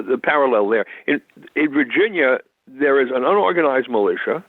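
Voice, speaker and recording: An American constitutional attorney with a low voice explains law in an interview, heard over a tinny phone line with no room sound. His manner is methodical and lecturing, and he frequently restarts his sentences.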